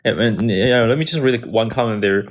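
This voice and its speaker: A man's voice: mid-range voice, brisk. A man with a Chinese accent, chatting casually as an English conversation partner on a livestream, hesitant and agreeable. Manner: hesitant, many restarts and fillers, agreeable. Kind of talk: casual livestream chat mixing English and Mandarin.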